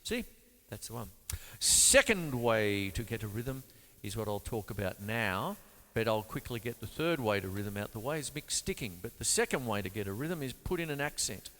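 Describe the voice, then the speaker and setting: A man's voice: fairly low pitch, sing-song, normal speed, slight background noise. A man from Australia hosting a casual drum lesson, talking loosely through ideas and scatting beat syllables between demonstrations. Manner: chatty, loose explanations with sung beat syllables. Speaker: drum teacher and show host. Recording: long hall reverb with loud drums. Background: drum kit playing.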